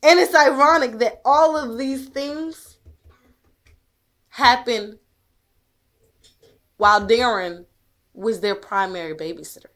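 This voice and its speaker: Speaking directly to the camera, a mother delivers a long, intense monologue in a slightly high, somewhat bright voice. She is emphatic and blunt enough to swear, pushing her points with pointed rhetorical questions. She takes her time, leaving long pauses.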